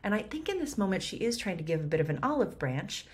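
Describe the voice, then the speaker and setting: A woman and actor explaining a Shakespeare scene line by line, lively and chatty with quick laughs. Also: medium pitch, slightly rough.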